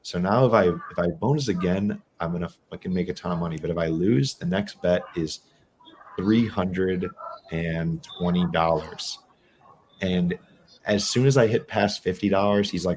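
Deep-voiced man telling a profane story. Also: fairly quick, slight background noise. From New England. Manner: animated, profane, acts out quotes. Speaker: guest. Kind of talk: casual storytelling.

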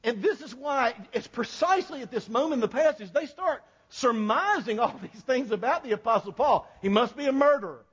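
A man's voice: very high voice, lively intonation, moderate pace, hardly any pauses, a bit bright, slightly rough. A male pastor preaching a sermon, telling a folksy story and joking with the congregation. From American South. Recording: long hall reverb, dull sound.

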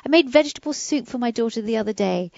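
A woman co-host talks enthusiastically, poking fun at herself, her slightly high voice full of gravelly fry. The sound is dry and close, with a somewhat dull top end. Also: animated, quick pace, no room sound. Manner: warm, enthusiastic, self-deprecating humor. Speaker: co-host and pet expert. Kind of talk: casual chat.

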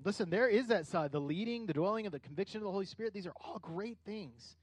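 Middle-aged male pastor, high-pitched, conversational sermon with animated peaks, dry recording. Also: fast, breathy edge, dry recording. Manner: conversational preaching with rising animated bursts.

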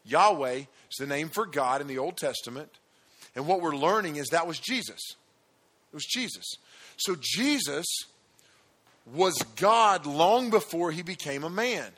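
A man preaching a sermon in an energetic, emphatic way, talking directly to his audience. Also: fairly high pitch, measured pace, pauses often.

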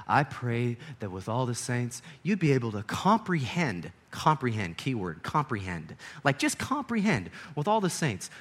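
Animated, laughing young male preacher. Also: medium pitch, slightly rough. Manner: excitable, swings from hushed to loud, laughs often. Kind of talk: animated sermon.

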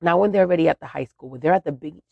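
A woman's voice: low-pitched, racing, vocal fry, no echo, lo-fi sound. A woman hosting a podcast who chattily tells a funny story about her family. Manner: chatty, animated, laughs at her own story. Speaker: podcast host. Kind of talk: casual storytelling.

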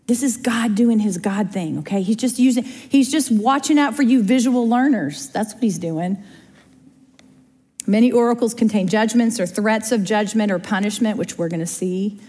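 A woman's voice: medium pitch, normal speed, dark tone, slightly rough. Chatty woman teaching a Bible class. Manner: chatty, checks in with "okay?" and "right?" often. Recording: long reverb of a large room.

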